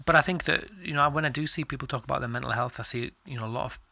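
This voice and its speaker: A middle-aged man chatting on a podcast, open about himself and quick to poke fun at himself. His voice is gravelly with a bright, forward edge. It is recorded dry and close, with no room sound. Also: medium pitch, no room sound. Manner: candid, self-deprecating, jokey. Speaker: podcast co-host. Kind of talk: casual chat.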